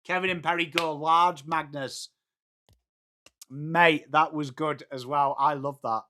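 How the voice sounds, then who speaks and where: A young English man hosting a live football watchalong, chatting excitably with viewers and calling out plays. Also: on the high side, slow. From England. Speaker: watchalong stream host.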